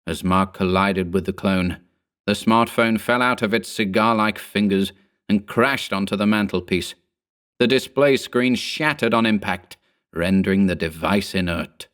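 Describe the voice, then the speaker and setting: A man giving a scripted horror narration in a measured, steady storytelling manner. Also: low voice.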